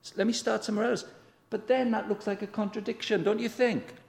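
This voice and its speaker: A man's voice: fairly even intonation, a little fast, gravelly. A man preaching a sermon as a guest preacher, chatty and direct, asking the congregation questions and acting out the voices he quotes. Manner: conversational, asks the congregation questions; acts out quoted voices with big pitch swings. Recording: long reverb of a large hall.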